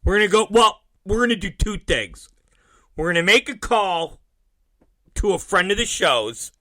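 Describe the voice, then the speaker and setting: A man's voice: high-pitched, animated, normal speed, pushed and bright, dry recording, poor audio. A man hosting his own radio show, telling home stories in a profane, rambling way. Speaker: host. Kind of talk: casual radio show monologue.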